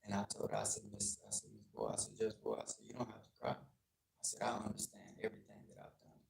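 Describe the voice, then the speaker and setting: Texas man, gravelly and low-pitched, earnest storyteller in an echoey lecture room. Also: sing-song, fast talker, a little mellow. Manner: earnest, plainspoken, acts out dialogue. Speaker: guest speaker on gang culture. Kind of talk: personal storytelling to an audience. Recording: echoey room, faint clicking.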